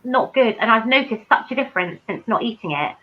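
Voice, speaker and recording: A woman's voice: on the high side, expressive, fairly quick, lo-fi sound. A woman co-hosting a casual livestream, hesitant and prone to repeating herself. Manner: hesitant, repeats her words. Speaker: livestream co-host.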